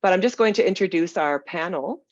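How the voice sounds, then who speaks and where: Gravelly-voiced webinar moderator, dull dry audio. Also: medium pitch, no echo. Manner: halting, hedging delivery. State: throat irritated by smoky air. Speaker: panel moderator. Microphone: video call.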